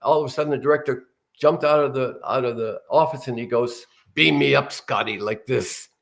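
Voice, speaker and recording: A man's voice: mid-range voice, brisk. An older man, a guest actor, telling rambling anecdotes in a casual interview.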